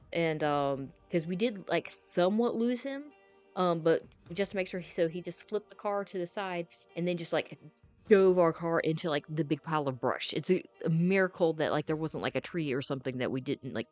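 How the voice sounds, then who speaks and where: Low-voiced woman rambling through a story. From North Carolina. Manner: rambling, many fillers and restarts, swearing. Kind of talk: casual storytime narration. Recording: faint music behind.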